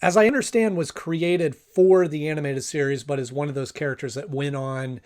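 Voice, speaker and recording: Casual male reviewer, slightly high, rambling with plenty of fillers and restarts. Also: moderate pace, a little mellow. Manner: rambling, hesitant, lots of fillers. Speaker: episode reviewer.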